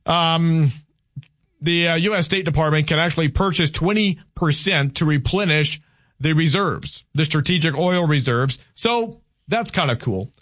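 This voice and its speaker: A man's voice: on the high side, a little slow, fairly bright tone, no room sound, clean studio sound. A Southern American man hosting a call-in radio talk show, talking with many restarts and repeated words, and arguing firmly with callers.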